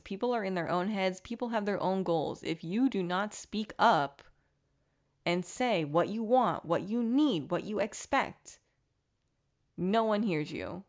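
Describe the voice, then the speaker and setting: A woman's voice: on the low side, moderate pace, dull audio. Candid woman hosting a self-help podcast. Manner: candid, reflective, mildly profane self-help talk. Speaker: podcast host. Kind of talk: casual motivational monologue.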